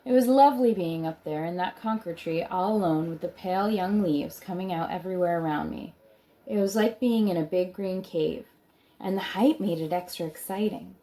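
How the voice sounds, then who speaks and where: Woman reading a storybook aloud, low voice. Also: moderate pace, mellow. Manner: chatty asides between read passages. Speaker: reader of a children's book. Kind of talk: reading a book aloud with casual asides.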